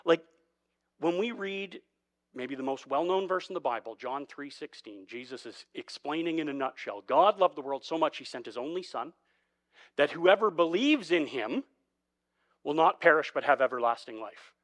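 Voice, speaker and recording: A man's voice: on the high side, expressive, normal speed, fairly bright tone. A man preaching a sermon as pastor, conversational and acting out quoted dialogue. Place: church sanctuary.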